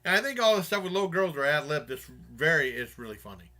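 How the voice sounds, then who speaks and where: Bright, rambling man reviewing a movie. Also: fairly high pitch, big pitch swings, fast talker. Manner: rambling, many fillers and restarts. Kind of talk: casual spoken movie review.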